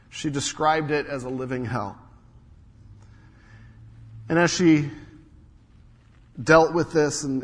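A middle-aged male pastor preaching with a fairly high voice. He tells stories and swings from raised, emphatic lines down to hushed ones. His voice carries a long reverb from the church hall. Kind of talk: sermon.

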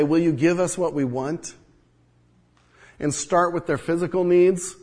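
A man with a fairly high voice preaches an earnest sermon. His loudness swells and drops, and he acts out the lines he quotes. The sound rings with a long reverb, as in a big hall. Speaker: pastor.

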